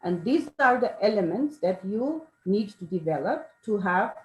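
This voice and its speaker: A woman's voice: medium pitch, animated, normal speed. A woman giving an informal talk, explaining with many fillers and self-corrections. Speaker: speaker on charisma. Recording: echoey room.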